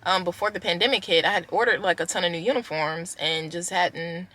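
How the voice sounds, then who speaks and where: A woman's voice: on the low side, brisk, sharp tone, low-quality recording. A young woman chatting casually in a vlog, telling stories from her car with lots of "like" and "y'all". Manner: chatty storytelling with many "like"s and "y'all". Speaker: vlogger, flight attendant. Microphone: handheld camera.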